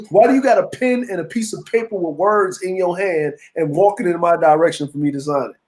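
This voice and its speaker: A middle-aged man with a fairly high speaking voice, co-hosting a relaxed talk show. He tells stories with animated, teasing energy. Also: brisk, rough recording. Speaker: podcast co-host. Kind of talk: casual chat.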